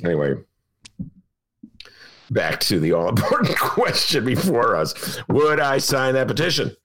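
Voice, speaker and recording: A man's voice: mid-range voice, sing-song, unhurried, a bit bright. A man hosting a talk radio show, delivering an opinionated monologue with sarcasm and frequent laughter.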